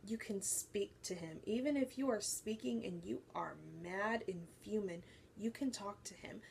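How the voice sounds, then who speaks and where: A young woman telling a personal faith story to her viewers, animated and acting out what people said. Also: medium pitch, unhurried, gravelly, a little hiss or hum. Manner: animated storytelling, acts out quoted voices. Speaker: faith vlogger. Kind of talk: personal testimony to camera.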